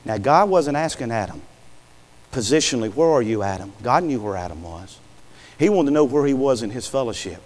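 A man's voice: mid-range voice, expressive, fairly quick. A man preaching a sermon in a folksy way, calling out "Amen" and throwing rhetorical questions at the congregation. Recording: long hall reverb.

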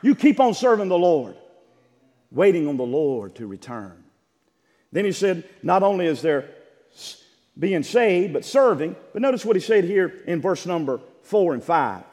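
Emphatic preacher man with lively pitch. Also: unhurried. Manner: emphatic, repetitive preaching with rising shouts. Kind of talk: sermon. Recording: church sanctuary with long reverb.

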